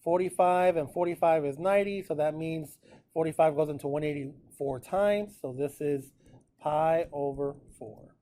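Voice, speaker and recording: A man teaching a precalculus class in a relaxed, chatty way, often checking in with his students. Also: fairly high pitch, moderate pace. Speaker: math teacher. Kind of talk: classroom lecture recorded with notes.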